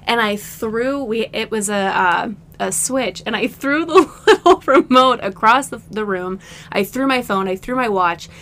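Animated woman co-host telling a story. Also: fairly high pitch, measured pace. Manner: animated storytelling, acts out quotes. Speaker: podcast co-host. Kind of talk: casual chat.

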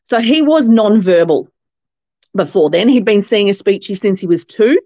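Speaking at a moderate pace in a medium-pitched voice, an Australian woman shares stories as a podcast interview guest and company founder. She chats with plenty of fillers and restarts, acting out others' voices with animation. There's no room sound, and the audio is lo-fi.

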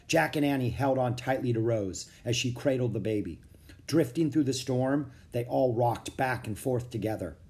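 A man narrating a children's chapter book aloud in a steady, expressive reading. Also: mid-range voice, normal speed. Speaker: audiobook narrator. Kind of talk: storybook read-aloud.

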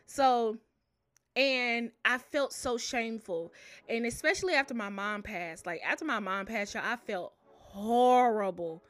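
A young woman telling personal stories in a casual, animated way, often calling out to her listeners. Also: on the high side, measured pace, dry recording. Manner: animated, addresses listeners as y'all. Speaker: storyteller. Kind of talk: casual storytelling to camera.

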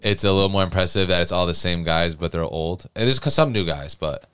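A man's voice: low-pitched, brisk, fairly bright tone, clear, resonant tone. A man co-hosting a casual podcast, telling loose, profane stories with enthusiasm in a small studio. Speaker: podcast co-host. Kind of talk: casual banter.

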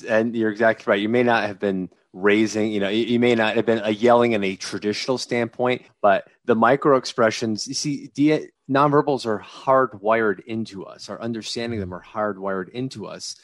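A man who once taught communication, a guest in a conversational interview, explaining in an animated, lecturing way. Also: lowish voice, moderate pace, few pauses, no room sound. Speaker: guest, former communication teacher.

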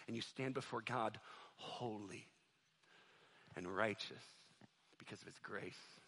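A male pastor preaching a sermon in a church, moving between loud, fervent stretches and soft, quiet appeals to the congregation. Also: mid-range voice. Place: church sanctuary.

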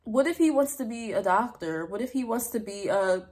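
A woman's voice: fairly high pitch, expressive, normal speed, a little mellow. A young woman hosting her own show, talking straight to the camera in a loose, unscripted way. She is blunt and chatty, and she fills her speech with asides. She calls her audience "y'all.". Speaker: podcast host. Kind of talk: casual monologue to viewers.

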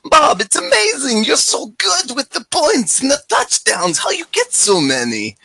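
An excitable male friend gushing in a put-on Polish accent, as a man imitates him. The voice sits far above the man's own and sounds bright and pressed. It marvels slowly in a sing-song. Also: extremely high pitch, vocal fry, pitched above the performer's own voice, full character voice. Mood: marvelling.

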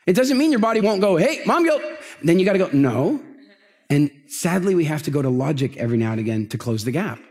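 A man's voice: a little high, very fast, few pauses. A middle-aged man giving a motivational talk on a stage, telling stories and asking the audience questions. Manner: animated storytelling, asks the audience questions. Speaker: motivational speaker. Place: large event stage with an audience.

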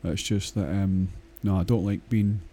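A man's voice: deep voice, little pitch movement, unhurried, dark tone, slightly rough. A Scottish man talking in a casual, rambling monologue, blunt and crude, swearing often and hesitating with many fillers.

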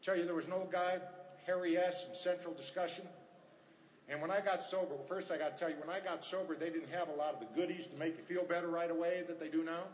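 A man's voice: fairly high pitch, steady tone, quick pace, slight background noise. An older man giving earnest personal testimony at a recovery meeting, telling stories and repeating his phrases. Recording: echoey hall, faint ambience.

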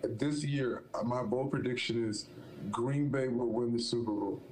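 Deliberate man making bold predictions. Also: mid-range voice, steady tone, darkish tone, slight background noise, rough recording. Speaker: podcast co-host, Vikings fan. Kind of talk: casual sports banter.

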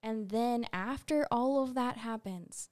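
A woman who co-hosts a podcast and used to teach middle school, chatting casually and telling stories with lively voices for the people in them. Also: on the high side, slow pace. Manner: animated storyteller, acts out quoted students.

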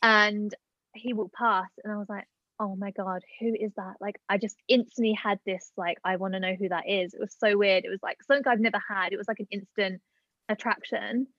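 A woman's voice: mid-range voice, steady tone, a little fast, a bit bright, dry recording. A young woman from Britain, a podcast guest telling a story in casual chat, full of "like" and "um". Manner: chatty, filler-heavy with many "like" and "um". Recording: dull lo-fi dry sound.

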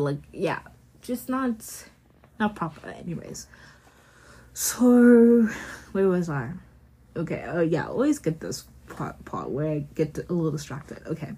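Chatty woman with a slightly husky voice just rambling thru a show recap on her podcast, kinda low. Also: darkish tone. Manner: rambling, chatty, full of "like" and self-corrections. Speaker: podcast host.

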